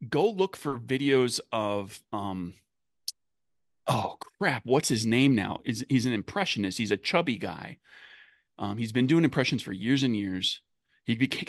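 A man's voice: medium pitch, dry recording, clean studio sound. Rambling man in casual chat. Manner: rambling, with many fillers and restarts. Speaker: tabletop game master.

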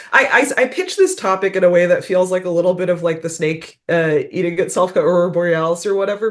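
A woman guesting on a podcast, talking casually with many fillers and easy laughs. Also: fairly low pitch. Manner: chatty, filler-heavy, laughs easily. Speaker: podcast guest, game designer. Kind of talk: casual interview chat.

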